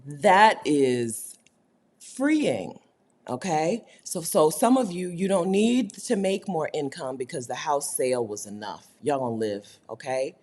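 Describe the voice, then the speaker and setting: She's hosting a casual livestream for her community, chatting with viewers, reading their comments aloud and laughing often. Her voice sits low and has a darkish tone, and she speaks expressively at a slightly slow pace.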